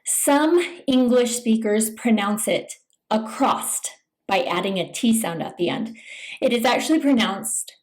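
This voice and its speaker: A woman teaching English pronunciation in a scripted lesson, speaking slowly and enunciating each word with care. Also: a little high, a little mellow, poor audio. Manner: slow, deliberate, careful enunciation.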